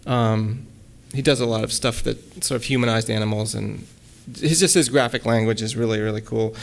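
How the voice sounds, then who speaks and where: A man giving a relaxed lecture at a college, hesitating often with ums and restarts and reading his own poems aloud. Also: lowish voice, moderate pace, vocal fry. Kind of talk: casual lecture with poem readings.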